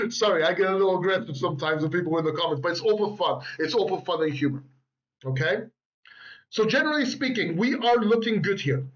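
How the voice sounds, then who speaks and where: A man's voice: high-pitched, lively intonation, fast, dull audio. A man hosting a crypto channel, giving rambling, boastful market commentary with joking asides from a beach house. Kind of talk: casual market commentary over charts. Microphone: laptop microphone.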